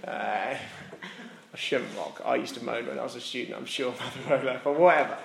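A man's voice: medium pitch, quick pace, creaky, roomy sound. A British man preaching a sermon in a church, conversational, with asides and self-mocking laughs. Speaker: pastor.

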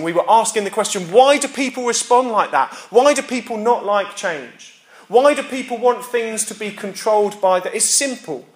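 A man preaching an Easter sermon as pastor, earnest and repetitive, dropping quiet for emphasis. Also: high-pitched, roomy sound.

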